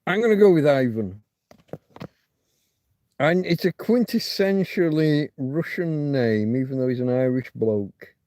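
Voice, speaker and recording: Warm and lively, this man's fairly high voice moves at a measured pace in a recording with no room sound. Hosting a loose livestream, he rambles, thinks aloud and mutters asides while reading the viewers' chat.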